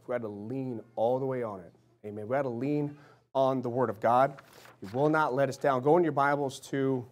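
The speaker, a man in his thirties, preaches casually and conversationally. Now and then he acts out little voices or goes quiet and low, and he regularly checks in with "right?" and "amen?"

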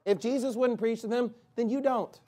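A high-pitched man preaching in church with heat and contempt. His delivery swings between sharp, loud outbursts and low, muttered asides. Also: fairly even intonation, normal speed. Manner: fiery, scornful preaching with sudden loud bursts. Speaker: pastor. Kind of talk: sermon.

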